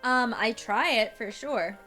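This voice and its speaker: Giggly higher-voiced woman playing a game. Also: takes it slowly, sharp tone, faint music behind. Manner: giggly, uncertain, filler-heavy. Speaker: player. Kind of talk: casual tabletop play.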